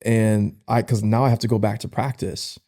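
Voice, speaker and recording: A young man, a podcast guest, casually telling a personal story in an emotional, halting way with slang. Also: lowish voice, level tone, mellow. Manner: casual, uses slang like "bro".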